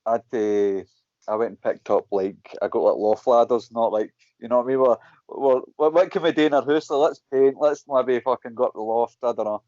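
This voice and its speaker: A Scottish man in a relaxed chat tells stories with animated energy, swearing freely and acting out his own and other people's lines. His voice sits at a middle pitch and sounds dry and close. The call audio is dull and lo-fi. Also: brisk, no room sound. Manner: animated storytelling, frequent swearing, acts out quotes. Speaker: guest, MMA fighter. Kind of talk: casual chat.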